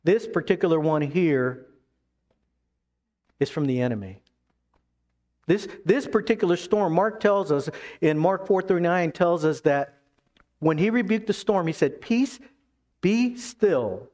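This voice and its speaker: A man preaching a sermon as pastor, emphatic, then dropping to hushed tones. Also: on the high side, unhurried, pauses often.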